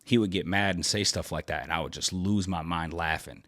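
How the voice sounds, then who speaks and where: A man in his thirties, a podcast host and army veteran, telling a story in a relaxed, rambling way with many fillers and restarts. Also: low voice, fairly quick. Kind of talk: casual storytelling.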